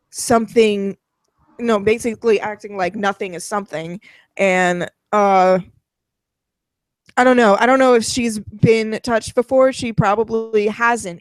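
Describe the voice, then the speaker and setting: A woman's voice: mid-range voice, no room sound. A woman co-hosting a casual commentary chat, talking bluntly, swearing freely and rambling with fillers. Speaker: co-host.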